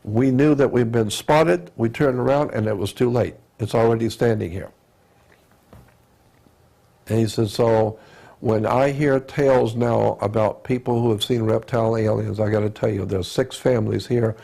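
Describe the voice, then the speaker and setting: A man with a gravelly, mellow voice tells a story in a loose, repetitive ramble. He keeps looping back to "he said" and stumbles over his words. His pitch sits in the middle range. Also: steady tone. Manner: halting, with self-corrections and throat clearing. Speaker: speaker retelling an eyewitness account.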